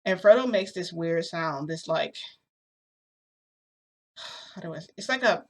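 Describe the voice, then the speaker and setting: A woman telling a long story to her camera in a rambling, animated way, with lots of fillers, filmed indoors at home. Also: lowish voice, unhurried, pauses often. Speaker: vlogger. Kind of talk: casual storytelling vlog. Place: indoors at home under a bright light.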